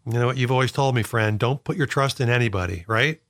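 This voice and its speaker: A man co-hosting a casual chat show, cracking deadpan jokes. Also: medium pitch, quick pace. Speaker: podcast co-host.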